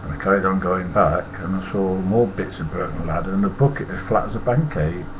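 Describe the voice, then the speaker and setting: Deep-voiced and talking a little fast, an older Nottingham man tells loose, rambling stories, laughing softly and cursing without restraint. Loud hiss runs through the muffled, lo-fi recording.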